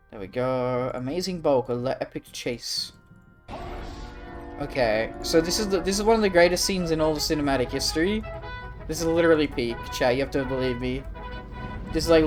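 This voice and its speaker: A woman streamer in rambling, profane live commentary who swears constantly and gets loudly excited. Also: sits low. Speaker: livestreamer.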